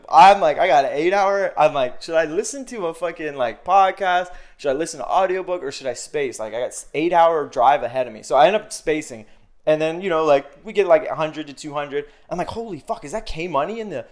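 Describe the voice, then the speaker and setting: A man telling a story on a podcast, casual and profane, acting out what he and others said. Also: on the high side. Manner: animated, profane, acts out his own quotes. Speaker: podcast guest.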